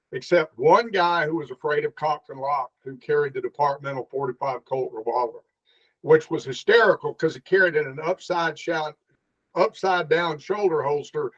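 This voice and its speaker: A middle-aged man and former police officer telling stories in a casual interview, acting out the dialogue as he goes. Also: a little high. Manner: animated storyteller, acts out the dialogue. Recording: dull lo-fi sound.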